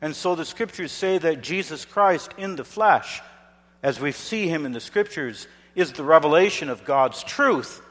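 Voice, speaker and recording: A man preaching a sermon as a pastor, emphatic and swinging between hushed, low passages and loud declarations. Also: animated, a little slow. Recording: long reverb of a large hall.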